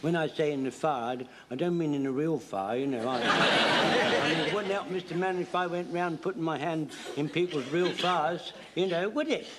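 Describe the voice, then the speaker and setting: An actor playing an excitable older home guard corporal who rambles and trips over his words, in a 1970s sitcom. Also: fairly high pitch, fairly quick, few pauses, very noisy, close to an everyday voice. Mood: fussy.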